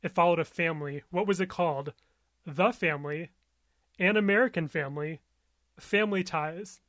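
A man hosting a casual trivia game among friends, reading multiple-choice questions and making quick asides. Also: a little high, fairly bright tone, dry recording, clean studio sound. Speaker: quiz host. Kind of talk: casual podcast chat.

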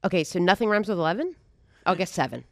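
Husky, lively woman podcast host. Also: on the low side, very fast, dry recording, clean studio sound. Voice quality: a little husky. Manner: playful, lively, jokey. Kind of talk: casual comedic chat.

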